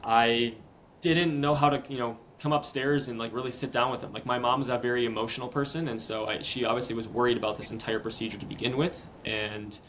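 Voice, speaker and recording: A young man in his twenties speaks at a middle pitch as a podcast guest, earnest and halting as he retells events step by step. His voice is plain and conversational. A faint low rumble sits under it. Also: steady tone, a bit bright, low-quality recording. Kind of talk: casual interview storytelling.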